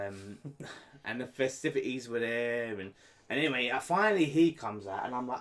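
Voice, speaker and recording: Sweary, animated storyteller. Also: male voice, medium pitch, fairly quick. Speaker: podcast co-host. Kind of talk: casual storytelling chat.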